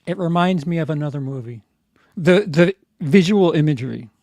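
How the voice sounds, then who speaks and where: A high-voiced man chats wryly through a movie, rambling and swearing casually as he comments. His voice sounds dry and close. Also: expressive, normal speed, darkish tone, dry recording. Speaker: host of a movie review channel. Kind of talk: casual movie watch-along chat.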